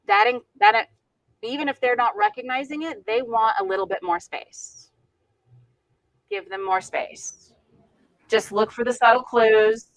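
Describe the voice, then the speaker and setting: A woman leading an informal volunteer training session, talking frankly with lively asides. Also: a little high, gravelly, low-quality recording. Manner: frank, animated, chatty with asides and laughs.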